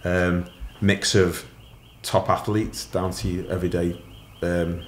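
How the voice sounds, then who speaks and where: A man's voice: low-pitched, flat delivery, takes it slowly, reverberant, a little hiss or hum. A middle-aged man, a podcast guest candidly telling his story in a matter-of-fact, casual way.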